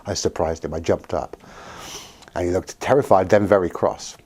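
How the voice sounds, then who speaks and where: A man with a very deep, husky voice recounts a session with a client as a hypnotherapist. His tone is dark and mellow. He tells the story briskly, voicing both himself and the client. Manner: lively storyteller, acting out both sides of a dialogue. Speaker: hypnotherapist and NLP practitioner. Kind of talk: anecdotal storytelling to camera.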